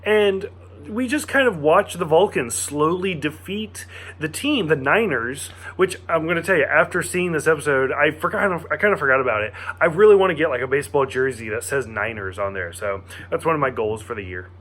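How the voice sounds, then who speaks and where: A man's voice: fairly high pitch, lively intonation, a little fast, a bit bright. A man giving a casual, enthusiastic spoken review of a TV episode, talking with lots of fillers and restarts.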